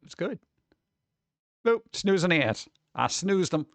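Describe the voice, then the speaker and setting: New guy streaming, reads chat aloud, quick to exclaim, very expressive pitch. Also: vocal fry, dry recording. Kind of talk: casual live-stream chat.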